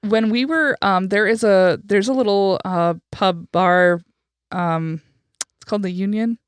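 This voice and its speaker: A woman co-hosting a podcast speaks a little slowly in a smooth, mid-range voice. She tells stories frankly and chattily, with plenty of fillers and the occasional swear.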